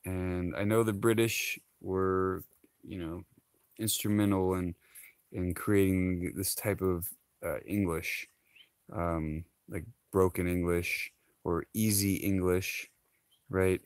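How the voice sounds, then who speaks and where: A man talks to his viewers in an unhurried, easygoing ramble, full of "you know" and "uh" and quick laughs. His voice sits a little low and comes across close and dry, with no room sound. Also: fairly even intonation, no room sound. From Hawaii. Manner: laughs often, rambling with many fillers. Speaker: vlogger. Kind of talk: casual chat to camera.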